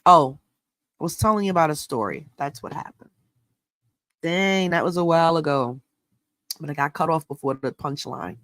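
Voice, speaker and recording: Animated, profane middle-aged woman storyteller. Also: low-pitched, moderate pace, long pauses, dry recording. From New York State. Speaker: astrology channel host. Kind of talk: casual storytelling monologue.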